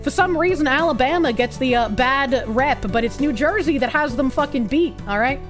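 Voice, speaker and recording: A young woman with a Boston accent, chatting casually on a live stream, profane and excitable with bursts of yelling. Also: sits high, normal speed, music in the background. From Boston, USA. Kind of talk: casual live-stream chat reading comments.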